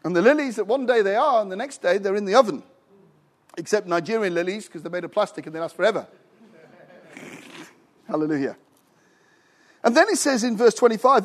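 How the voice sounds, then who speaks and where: A British man preaching in a noticeably high voice, lively and animated. He calls out to the congregation for responses and slips in humorous asides. He is a middle-aged visiting preacher. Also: brisk, pauses often. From United Kingdom. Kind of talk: sermon.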